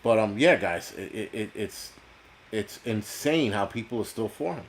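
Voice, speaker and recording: A man's voice: lowish voice, lively intonation, normal speed, a little hiss or hum. A man from the United States hosting a live stream, ranting bluntly and profanely as he answers chat. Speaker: host.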